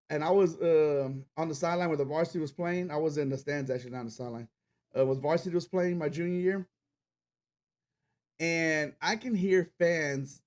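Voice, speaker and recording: A man's voice: sits high, a little mellow. A man hosting a podcast, ranting casually and with plenty of swearing about sports fans and reading the live chat. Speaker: podcast host.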